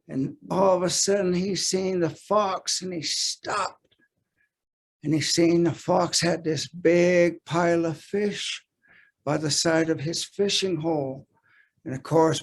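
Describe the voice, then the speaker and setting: A man telling a traditional folk tale slowly and gently, pausing often on "uh". His voice is a little high, with a gravelly edge. He is heard through a webcam on a video call. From United States. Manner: gentle, unhurried, with frequent "uh" pauses. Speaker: storyteller. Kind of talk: traditional oral storytelling.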